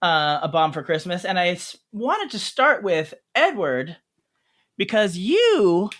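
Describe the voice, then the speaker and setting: A man's voice: sits high, sing-song, slow pace, fairly bright tone. A man hosting a podcast reunion, chatty and laughing often as he chats casually. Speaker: podcast host. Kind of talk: casual chat.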